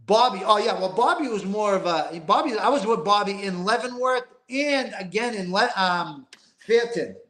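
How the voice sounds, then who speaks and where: Older guy, street-wise and emphatic, higher-pitched voice, recorded in a roomy space. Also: animated, normal speed, pushed and bright. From East Boston. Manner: emphatic, rambling, street-talking, profane. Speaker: guest. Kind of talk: casual interview storytelling.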